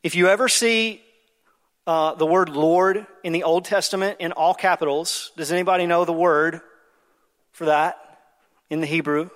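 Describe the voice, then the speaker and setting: A man's voice: fairly high pitch, steady tone, normal speed, fairly bright tone. A man in his thirties preaching a conversational sermon as pastor, with frequent ums and uhs. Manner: conversational preaching with many fillers. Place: church sanctuary. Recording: long hall reverb.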